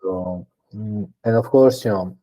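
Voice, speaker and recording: A man's voice: on the low side, unhurried, warm tone, poor audio. A man answering as a guest in a podcast interview, explaining things conversationally and thinking aloud with frequent fillers and restarts. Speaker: guest data engineer.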